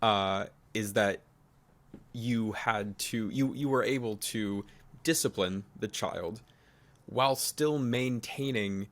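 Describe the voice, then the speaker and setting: A man co-hosting a casual podcast. He talks in a reflective, deliberate way, often restarting a phrase as he works through his argument. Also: lowish voice, a bit bright. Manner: thoughtful, restating and building arguments. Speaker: podcast co-host.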